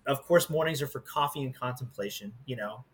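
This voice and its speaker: A man who worked as a 911 dispatcher telling a story in animated, casual podcast chat. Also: medium pitch, brisk.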